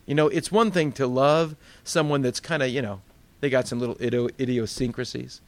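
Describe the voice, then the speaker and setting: A man's voice: mid-range voice, fairly even intonation, a little fast, no echo. A male pastor teaching a Bible study in a conversational sermon style, full of rhetorical questions.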